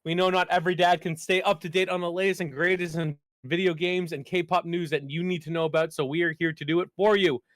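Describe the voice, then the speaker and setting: A man hosts a casual gaming podcast with an upbeat manner and laughs easily. His voice is fairly high, and the dry recording sounds close to the mic. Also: fairly even intonation, fast talker, hardly any pauses, no room sound. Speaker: podcast host. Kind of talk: casual chat.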